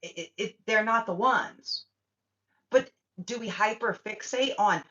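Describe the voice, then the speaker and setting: Unhurried but forceful, a woman with a bright, medium-pitched voice rants to her spiritual livestream audience, blunt and swearing often. It's casual chat in dull lo-fi sound.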